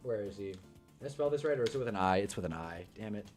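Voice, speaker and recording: A man's voice: lowish voice, animated, fast talker, a little mellow, soft background music. A young man hosting a casual live stream, ranting about football and reading chat comments, swearing and laughing often. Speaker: livestream host reading chat.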